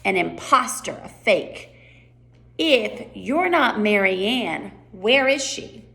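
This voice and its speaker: An accusing, bossy queen , voiced by a woman reading aloud. She sounds a touch gravelly. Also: medium pitch, sing-song, takes it slowly, a bit bright, full character voice. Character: bossy female queen on trial bench.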